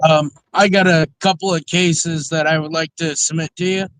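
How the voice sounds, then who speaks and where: Man, guest, slightly high voice, relaxed and unhurried. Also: slight background noise, rough recording. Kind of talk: casual chat.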